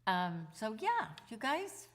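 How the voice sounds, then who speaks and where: A singer-songwriter woman chatting casually to her viewers on a home livestream, loose and quick with asides. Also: on the high side, wildly swooping pitch.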